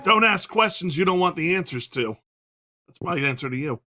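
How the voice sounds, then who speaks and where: A man's voice: high-pitched, lively intonation, moderate pace, sharp tone, a faint crowd. A man panelist on a video call, cracking dry jokes in easygoing banter. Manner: dry, wisecracking. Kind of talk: joking livestream banter.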